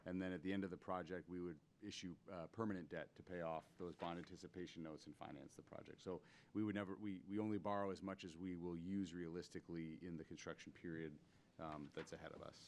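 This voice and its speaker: A man's voice: low voice, fairly even intonation, quick pace, darkish tone, a little hiss or hum. A man speaking at a town board meeting, explaining budget matters with many fillers. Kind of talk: public meeting remarks. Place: town hall meeting room.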